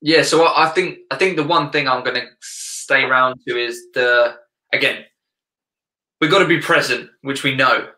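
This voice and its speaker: A man's voice: mid-range voice, moderate pace, pushed and bright, echoey room. A man speaking as a guest life coach in a casual interview, earnest and reflective, often searching for words.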